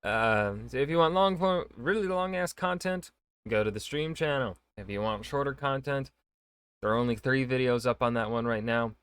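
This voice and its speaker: A man's voice: mid-range voice, moderate pace, a bit bright, clean tone, dry recording. A man hosting a reaction video, chatting casually and joking at his own expense. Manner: joking, rambling, self-mocking.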